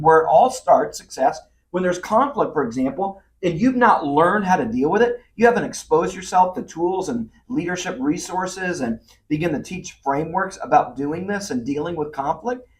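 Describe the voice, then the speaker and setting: A man hosting a leadership talk, teaching in an animated way and speaking straight to the listener, acting out quoted voices. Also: on the high side, recorded from a distance. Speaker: leadership speaker and podcast host.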